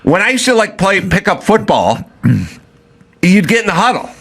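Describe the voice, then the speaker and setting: A man hosting a podcast in casual chat, telling animated stories and acting out other people's lines. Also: high-pitched, a little slow, gravelly, breathy edge. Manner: fired up, emphatic. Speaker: podcast host.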